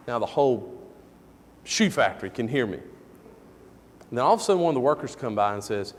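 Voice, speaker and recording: In a church sanctuary, a middle-aged man preaches a sermon built around a personal story, speaking with animated energy and loud bursts whenever he quotes a moment. His pitch is medium and his pace fairly quick, with frequent pauses. The sound carries the feel of a big room.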